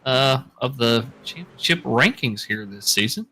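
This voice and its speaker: Bright-voiced relaxed race analyst. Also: male voice, mid-range voice, measured pace, husky, poor audio. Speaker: co-commentator. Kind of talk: casual race commentary.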